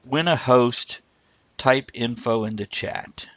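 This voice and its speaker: A man's voice: medium pitch, takes it slowly, a bit bright, no room sound, highs cut off. A man co-hosting a live stream, rambling casually and breaking off mid-thought. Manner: rambling, self-interrupting, reads chat aloud. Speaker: livestream co-host.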